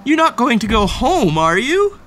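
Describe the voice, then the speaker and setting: A woman's voice: on the high side, very animated, moderate pace. A woman reading a children's picture book aloud, playful and theatrical, talking to the character with gasps and exclamations. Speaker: storybook reader. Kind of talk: children's read-aloud storytelling.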